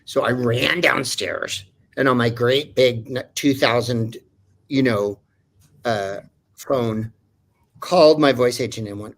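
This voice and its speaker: Man, voice actor, casual anecdote, rambling, digressive, lots of ums and uhs, middle pitch. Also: slow. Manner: rambling, digressive, many fillers. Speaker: voice actor guest.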